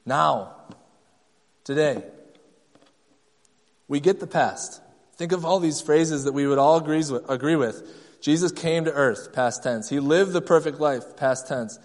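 A man's voice: a little high, a little slow, long pauses, long reverb tail. A man preaching a sermon, emphatic and repetitive, acting out the people he quotes. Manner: emphatic, acts out quoted voices, repeats key phrases. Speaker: pastor.

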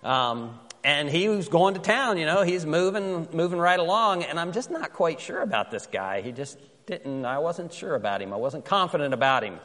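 A man preaching a sermon as pastor, telling a story in a conversational way and reading scripture slowly and with care. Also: a little high, big pitch swings, fairly bright tone, big-room sound.

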